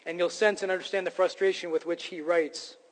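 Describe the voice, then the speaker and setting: Earnest high-voiced man preaching in a hall. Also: fairly even intonation, brisk. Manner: earnest, emphatic, frequent fillers and restarts. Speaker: pastor. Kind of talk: sermon.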